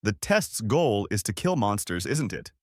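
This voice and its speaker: A man's voice: medium pitch, brisk, no echo. A man doing a cold, cocky young fighter. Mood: mocking. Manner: calm, dry, mocking.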